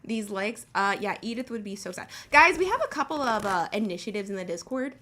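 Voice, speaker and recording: A woman's voice: mid-range voice, animated, brisk, bright, forceful tone. A woman hosting a casual livestream, blunt and talking with lots of fillers and swearing. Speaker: livestream host.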